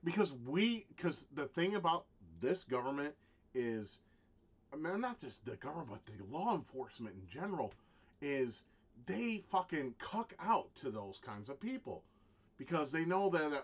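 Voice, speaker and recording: A man ranting in a profane vlog monologue, halting with restarts and swinging from low muttering to loud shouting. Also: big pitch swings, husky. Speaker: vlogger.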